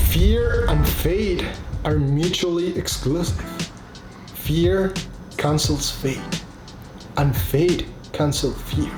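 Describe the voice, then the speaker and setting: A man's voice: on the high side, reverberant. A man casually retelling a Bible passage and giving a short devotional, speaking informally and using "like" often, with non-native phrasing.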